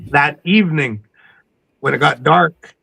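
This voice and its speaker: A man from coastal British Columbia, a podcast guest telling stories in a casual interview, animated and acting out the people he quotes. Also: fairly high pitch, measured pace, vocal fry, poor audio. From coastal British Columbia, Canada.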